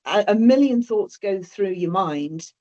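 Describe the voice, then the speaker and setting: A woman's voice: medium pitch, animated, a little slow, warm tone. A woman telling a personal story as an interview guest, hesitant and often repeating or restarting her words. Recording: dull lo-fi audio.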